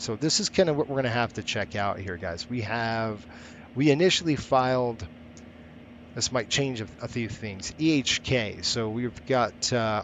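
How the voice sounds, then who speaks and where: A male live-streamer talks his way through each step out loud, sometimes stopping to greet viewers in chat. His voice sits at an ordinary middle pitch for a man. Faint background noise sits under his voice. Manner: thinking aloud while setting up, chatting with viewers. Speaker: flight sim streamer.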